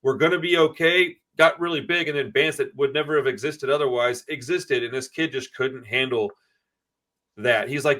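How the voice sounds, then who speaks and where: A man's voice: on the high side, a little fast, fairly bright tone. A man in casual podcast chat, rambling and swearing freely as he tells stories. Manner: profane, rambling storyteller.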